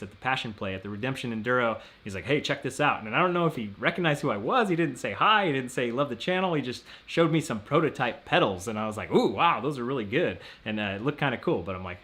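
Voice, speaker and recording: A man's voice: mid-range voice, fairly bright tone. A man hosting a casual live stream, rambling and laughing often as he reads out viewer messages.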